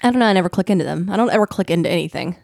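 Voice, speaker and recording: A woman's voice: on the low side, lively intonation, racing, creaky, darkish tone, no room sound. A woman co-hosting a podcast in casual chat, rambling and laughing often into a studio mic. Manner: giggly, rambling, lots of laughter. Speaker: podcast co-host.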